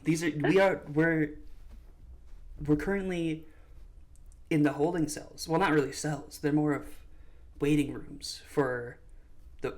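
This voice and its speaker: A man's voice: fairly high pitch, steady tone, unhurried, long pauses. A man playing a tabletop role-playing game, casual and self-conscious, often laughing at himself. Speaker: player. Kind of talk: casual in-character play.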